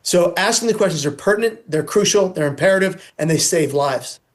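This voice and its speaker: A man's voice: high-pitched, expressive, a little fast. A man speaking as an interview guest on suicide prevention, earnest and emphatic, stacking points into insistent lists.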